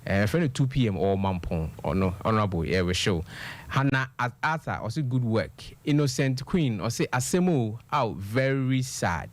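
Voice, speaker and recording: A man's voice: medium pitch, expressive, moderate pace. A man, co-hosting a radio show and reading listener comments aloud in casual banter. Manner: reads comments aloud in a mix of Twi and English.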